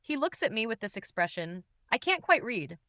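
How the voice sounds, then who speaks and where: A woman's voice: on the high side, very animated, normal speed, a bit bright, no room sound, clean studio sound. A woman narrating a story in the first person, in a cool and dismissive manner.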